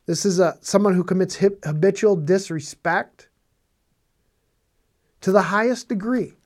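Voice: mid-range voice, unhurried, darkish tone. A Bible teacher preaching on scripture in a conversational way, stressing points by repeating phrases and asking rhetorical questions.

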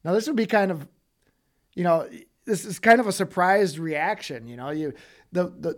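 A preacher with a voice on the high side, speaking at normal speed, gives a casual Bible teaching. He reads scripture and animatedly acts out the people in it, often checking in with "okay?".

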